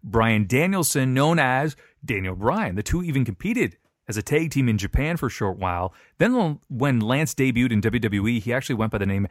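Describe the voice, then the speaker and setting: A man in casual podcast chat, recapping wrestling storylines with easy asides and bursts of laughter. His voice sits at a mid pitch and is recorded close and dry, with no room sound. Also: big pitch swings, brisk, hardly any pauses, no room sound. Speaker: podcast co-host.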